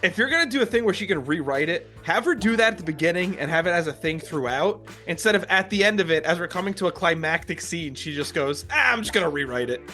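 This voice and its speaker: Male co-host, high and bright, opinionated and blunt, faint music behind. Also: lively intonation, fast talker, hardly any pauses. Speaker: podcast co-host. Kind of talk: casual movie chat.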